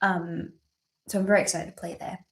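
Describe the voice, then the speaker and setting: A woman's voice: fairly low pitch, flat delivery, brisk. A young Australian woman hosting a birthday livestream, chatting casually, rambling with lots of ums and casual swearing while she reads viewer questions.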